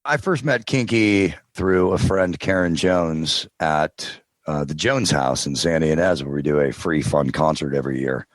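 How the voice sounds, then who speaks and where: Deep-voiced male guest, dry studio sound, easygoing storyteller. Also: moderate pace, hardly any pauses, no echo. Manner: relaxed storytelling, tries out character voices. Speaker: podcast guest, audiobook narrator. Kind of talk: casual interview chat.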